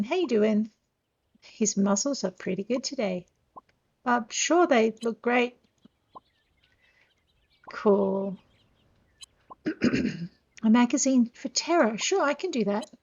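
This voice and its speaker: A woman's voice: fairly high pitch, a little mellow. Chatty woman doing game commentary, pokes fun at herself, talks to the viewers, kinda muffled lo-fi mic. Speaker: gameplay narrator. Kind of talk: casual let's-play commentary.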